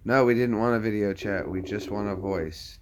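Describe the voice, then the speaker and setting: A man's voice: lowish voice, normal speed, noisy background. A man hosting a casual livestream, chatty and upbeat, talking straight to his viewers. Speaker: livestream host.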